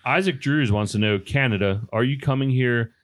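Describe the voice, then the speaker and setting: A man's voice: medium pitch, normal speed. A man hosting a casual firefighter podcast, telling stories and reading out listener questions. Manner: laid-back storyteller, reads out listener questions. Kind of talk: casual chat.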